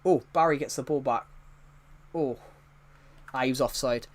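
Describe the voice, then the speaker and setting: A man's voice: medium pitch, normal speed. A young British man in his twenties, live-streaming a football video game and chatting loosely, often restarting sentences and chuckling. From United Kingdom. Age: 20s. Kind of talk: casual live-stream chat while playing a football game.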